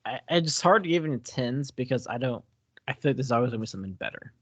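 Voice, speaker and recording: Chill guy podcasting, mid pitch, playful, dead dry audio. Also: dry recording, highs cut off. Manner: relaxed, quick to agree, playful. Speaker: podcast co-host. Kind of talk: casual book review chat.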